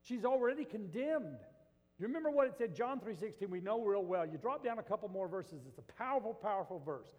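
High-pitched guy preaching, gets loud then drops real quiet, big echoey church hall. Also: brisk. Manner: animated preaching, swinging from loud to hushed. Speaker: pastor. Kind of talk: sermon.

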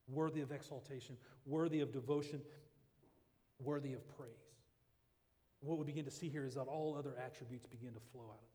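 Male pastor, higher-pitched, earnest halting sermon delivery, reverberant hall. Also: darkish tone. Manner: earnest preaching with repeated restarts.

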